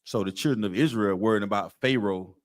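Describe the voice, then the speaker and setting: A man's voice: lowish voice, a little fast. A man teaching a scripture class in an emphatic, streetwise, repetitive way. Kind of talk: preaching-style class lecture.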